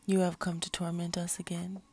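A woman's voice: lowish voice, monotone, fairly quick, mellow, slightly rough, soft background music. A woman voicing a tormented male fallen angel who growls, moans and bursts into screams in a whispered story reading. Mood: bitter.

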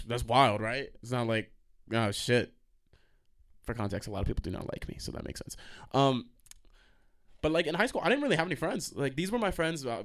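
A young man hosting a college radio show, rambling casually and profanely, getting heated and jumping off track. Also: mid-range voice. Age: young adult. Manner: profane, excitable, jumps off track. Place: college radio station studio.

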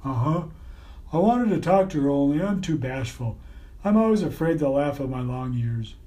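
A man voicing a dim, bashful male dog with long ears, speaking in a slow, hesitant drawl in an audiobook. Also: on the high side, animated, warm tone, lightly acted. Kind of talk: audiobook character voice.

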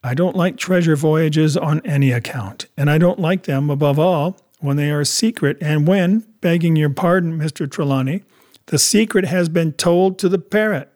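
A man's voice: a little high, normal speed, a little mellow, lightly acted. A man voicing a blunt, stern ship captain in an audiobook, speaking firmly and directly. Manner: firm, clipped and direct. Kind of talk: audiobook character reading.

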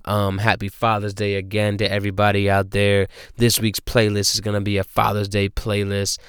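A man hosting a casual solo podcast, recording inside his car and ranting loudly and profanely in disbelief. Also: on the low side, monotone, normal speed, clean tone, no echo, studio quality. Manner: loud, profane, incredulous ranting. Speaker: podcast host.

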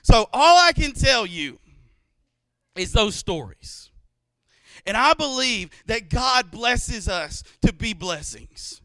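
A man in his thirties preaching a sermon in church, telling stories and acting out quotes with lively energy. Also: very high-pitched, takes it slowly, no room sound. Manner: animated storytelling with acted-out quotes. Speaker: pastor.

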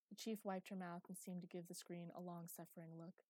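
A woman narrating an audiobook in a steady, even storytelling manner. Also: lowish voice, quick pace, few pauses, dry recording.

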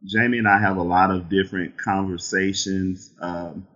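A man's voice: deep voice, fairly even intonation, moderate pace, a bit bright, dull audio, slight background noise. A man in his forties with a Southern Texas accent, a laid-back podcast guest. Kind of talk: casual interview chat.

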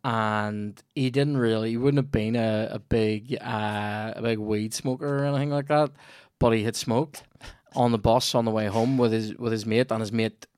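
A man with a Northern Irish accent, hosting a casual comedy podcast and telling a sweary, animated anecdote. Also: fairly low pitch, normal speed, no echo, studio quality. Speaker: podcast host.

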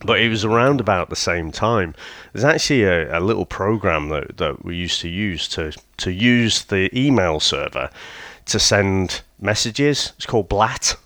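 A man's voice: low-pitched, animated, moderate pace, fairly bright tone, dry recording, studio quality. A man in casual chat, telling a rambling story with swearing and frequent laughter. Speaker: podcast co-host.

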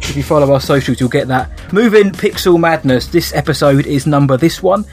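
A man's voice: fairly high pitch, a little fast, a little mellow, faint music behind. A young man co-hosting a podcast in casual, laughing banter. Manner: jokey, laughs often, banter. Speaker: podcast co-host. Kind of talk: casual chat.

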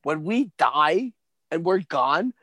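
A man in his forties co-hosting a podcast, telling stories in a profane, animated way during a casual chat about a movie. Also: on the high side, slow, no room sound. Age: 40s. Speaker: podcast co-host.

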